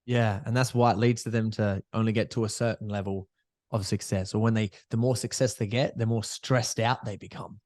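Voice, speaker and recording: A man hosting a podcast, chatting in a relaxed way and laughing easily. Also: lowish voice, brisk, dry recording, clean studio sound. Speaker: podcast host. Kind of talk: casual podcast chat.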